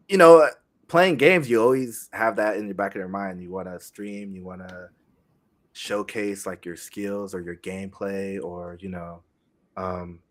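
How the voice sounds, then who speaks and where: A young man chatting casually as a guest on a streaming podcast, speaking haltingly with many pauses and restarts. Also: fairly low pitch. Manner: halting, many fillers and restarts, soft-spoken.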